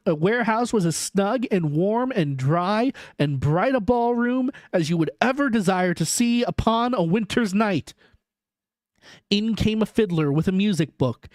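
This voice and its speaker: A man's voice: high voice, darkish tone, dry recording. A man streaming a live storybook reading, narrating expressively into a close microphone.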